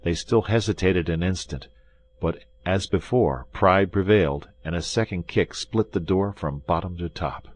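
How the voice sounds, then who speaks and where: A man narrating a classic adventure audiobook in an expressive, measured storytelling manner. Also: low voice.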